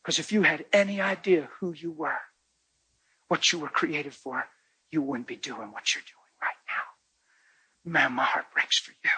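Emotional, husky-voiced male pastor. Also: fairly high pitch, measured pace, no echo, poor audio. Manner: emotional, conversational, dramatic shifts between hushed and loud. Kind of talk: storytelling sermon.

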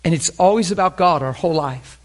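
During a fervent sermon, a man asks his congregation questions and alternates between booming emphasis and near-whispers, his feeling plain to hear. His voice leans high and he talks a little fast.

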